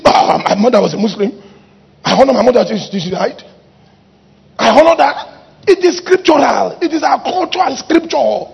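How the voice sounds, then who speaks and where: A middle-aged man, a pastor preaching a fiery sermon with shouted exhortations. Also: very high-pitched, lively intonation, moderate pace, creaky, pauses often, breathy edge.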